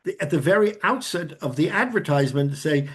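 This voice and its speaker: Rabbi teaching a Talmud class. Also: male voice, a little high, animated, a little fast, slightly rough. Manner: explanatory, many restarts, Hebrew and Aramaic terms. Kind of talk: Talmud lesson.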